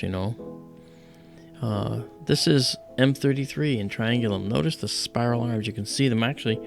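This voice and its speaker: A man's voice: mid-range voice, creaky. A man hosting an astronomy livestream, explaining casually with many fillers and restarts.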